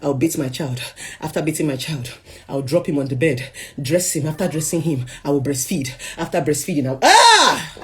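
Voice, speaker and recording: A young woman with a Nigerian accent telling a personal story as emotional testimony, swinging between hushed and loud. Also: low-pitched, fairly quick. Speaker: speaker sharing a personal story.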